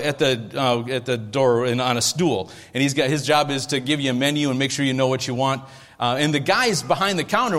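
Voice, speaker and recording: A man preaching a sermon as pastor, in a lively, conversational way with jokes and asides. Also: a little high. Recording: echoey hall with long reverb.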